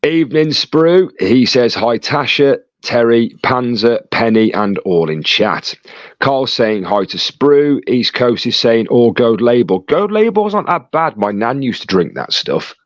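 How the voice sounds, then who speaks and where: A man's voice: mid-range voice, expressive, no echo. Man reading out stream chat. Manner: reads chat messages aloud with quick asides and banter. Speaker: livestream host reading chat. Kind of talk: casual live chat reading. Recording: dull lo-fi dry sound.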